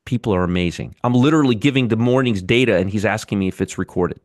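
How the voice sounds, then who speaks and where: A man's voice: on the low side, fast talker, dry recording, clean studio sound. A man hosting a live trading show, giving blunt, sarcastic market commentary and bantering with chat viewers. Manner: blunt, swears freely.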